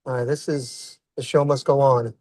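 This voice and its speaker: A man's voice: medium pitch, little pitch movement, normal speed, warm tone, no room sound. An Italian-American comedian doing a rambling stand-up set while driving, recorded inside his car. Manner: rambling, asks himself "what else is going on".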